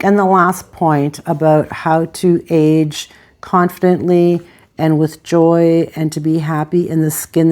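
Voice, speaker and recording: A woman's voice: on the low side, a little mellow. A woman in her sixties talking straight to her viewers in a casual vlog, passionate, rambling and effusive. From Italian heritage. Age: 60s. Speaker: lifestyle vlogger. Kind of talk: casual talk to camera.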